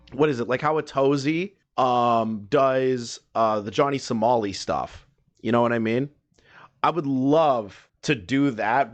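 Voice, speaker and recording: A man reacting to a video as a commentary streamer, mocking and swearing as he rambles, with sudden loud high outbursts.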